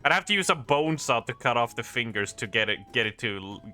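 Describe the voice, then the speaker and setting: A man's voice: mid-range voice, animated, a little fast, bright, forceful tone, soft background music. A male streamer chatting casually with his viewers during a live game stream, joking and rambling as he goes. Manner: joking, rambling, often laughing at himself. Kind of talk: casual live-stream chat while gaming.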